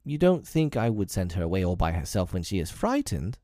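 A man's voice: low voice, big pitch swings, brisk, dark tone, no echo, clean studio sound. A man reading aloud, voicing a proud, commanding boy leader with a clipped, lofty manner.

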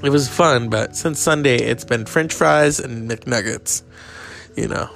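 Male podcast host, slow drawl, gravelly fry, sarcastic, crude rambling. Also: medium pitch, a bit bright, soft background music. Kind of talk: casual monologue.

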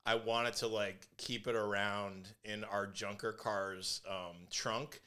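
Bright-voiced middle-aged man, playful storyteller. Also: lowish voice, slow pace, clean tone. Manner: animated storyteller, playful and self-mocking. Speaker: podcast co-host. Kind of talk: casual chat.

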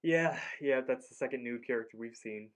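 A man's voice: medium pitch, moderate pace. Chatty man co-hosting a cartoon podcast. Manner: rambling, lots of "like", acts out lines. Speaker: podcast co-host. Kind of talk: casual cartoon recap chat.

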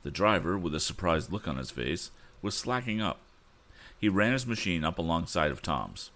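A man hosting a story show, reading a book aloud with relaxed, casual asides. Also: extremely low pitch, a little slow. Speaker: storyteller host.

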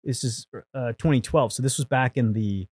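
A man telling stories as a podcast guest, animated and profane, acting out the people he quotes. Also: mid-range voice, normal speed, slightly rough, no echo. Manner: animated, swears freely, acts out quotes. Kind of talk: casual storytelling.

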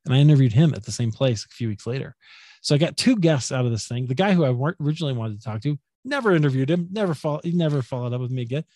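Mellow-voiced man telling an animated story. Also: racing, no echo, clean studio sound. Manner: animated, acts out quoted speech with jumps in pitch. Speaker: podcaster and guest. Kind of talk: casual storytelling in an interview.

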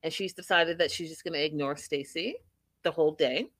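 A woman's voice: sits low, fairly quick, fairly bright tone, no room sound. A woman casually recapping a reality show, opinionated and full of rhetorical questions.

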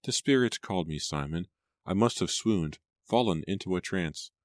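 A proud, entranced mystic woman who speaks of spirits with dreamy insistence, as a male audiobook narrator puts her on. The voice sits higher than his own and is recorded dry and close. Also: expressive, normal speed, dry recording. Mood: otherworldly.

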